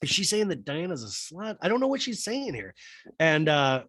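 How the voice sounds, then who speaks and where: A man recaps a reality episode for laughs, with a lively voice that rises and falls a lot as he acts out everyone's lines. The recording is dry and close. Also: a little high, moderate pace, no room sound. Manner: animated, acts out each person's lines. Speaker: podcast host.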